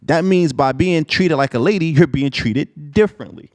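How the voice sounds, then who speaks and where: A man's voice: fairly high pitch, moderate pace, no echo. Assertive man arguing in dry sound. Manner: assertive, argumentative, rhetorical questions. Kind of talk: casual discussion.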